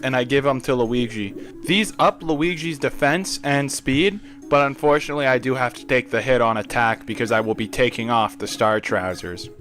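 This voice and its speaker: A man's voice: medium pitch, moderate pace, a bit bright, faint music behind. A young man narrating his gameplay in a casual, opinionated way, with crude offhand jokes.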